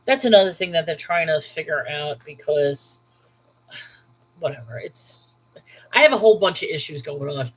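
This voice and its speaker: A woman's voice: sits low, lively intonation, moderate pace, long pauses, husky, rough recording. A woman in her thirties from New York with a Brooklyn accent, hosting a casual Bible livestream and chatting candidly with viewers by name. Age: 30s. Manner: candid and emphatic. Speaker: livestream host.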